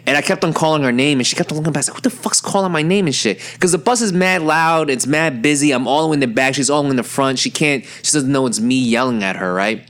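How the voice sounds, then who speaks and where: A young man telling a personal story in a rambling, profane, excitable way, with plenty of fillers. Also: mid-range voice. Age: young adult. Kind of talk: casual storytelling.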